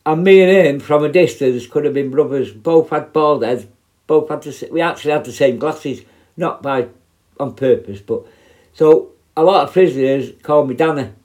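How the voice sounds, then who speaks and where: A man's voice: a little high, moderate pace, a little mellow. A middle-aged man, telling prison stories in a blunt, sweary, rambling way. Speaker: former prison officer. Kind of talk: casual storytelling.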